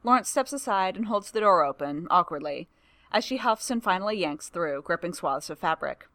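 Woman narrator, expressive storybook reading, dry close sound. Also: lowish voice, normal speed, no room sound.

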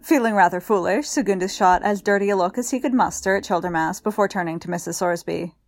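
A woman narrating a story in a calm, measured audiobook reading. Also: mid-range voice, no room sound, clean studio sound. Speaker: story reader.

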